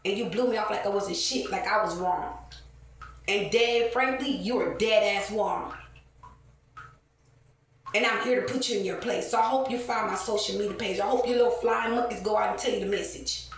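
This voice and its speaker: Heard at moderate pace in a mid-range voice, a woman vlogs a casual rant to camera, recounting a heated story laced with profanity and fillers. Her recording is faint in ambient noise but very echoey and distant.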